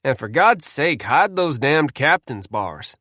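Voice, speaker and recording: A friendly young sergeant speaks slowly and plainly, in a steady, matter-of-fact way, read by a man. The voice sits at a middle pitch and sounds close and dry, with no room around it. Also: dry recording, full character voice. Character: young male Southern communications sergeant, friendly.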